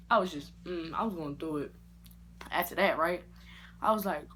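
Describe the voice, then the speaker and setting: A young adult woman vlogger telling a story in a casual, slangy way and jumping into high-pitched reactions. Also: animated, fairly quick, a bit bright.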